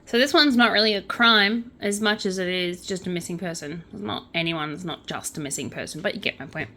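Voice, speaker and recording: A woman's voice: on the low side, a little fast. Young woman, casual chat, chatty asides, true-crime host. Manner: chatty, with asides and quiet counting under her breath. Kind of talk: casual chat reading news while crocheting.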